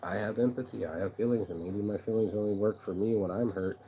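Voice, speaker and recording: A man's voice: lowish voice, fairly even intonation, quick pace, mellow, a little hiss or hum, rough recording. A man delivering a rambling, aggrieved vlog monologue, swearing freely and circling back on his own words. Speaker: vlogger and shirt designer. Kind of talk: casual venting monologue.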